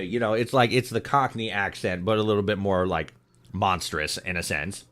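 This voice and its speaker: A man streaming a video game, chatting casually with his viewers in a relaxed way, swearing and repeating himself. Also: fairly low pitch, moderate pace. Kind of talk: casual chat with viewers while gaming.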